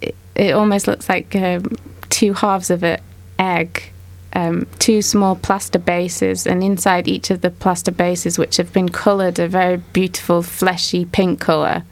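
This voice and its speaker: A woman leading a casual art discussion, a mother, describing artworks slowly and thoughtfully. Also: on the low side, flat delivery. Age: adult mother. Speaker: discussion moderator.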